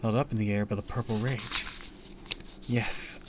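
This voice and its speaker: A man with a low voice reads a spooky children's story fast on a live stream, theatrical and expressive as he leans into the suspense. Faint noise hums in the background throughout.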